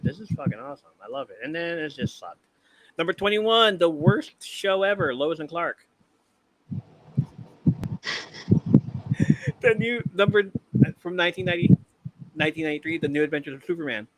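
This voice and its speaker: Speaking at a normal speed with frequent pauses, this slightly high-voiced man hosts a casual live-streamed podcast, counting down a ranked list with plenty of profanity. He often trails off and restarts, and the poor audio has clear background noise and clicks.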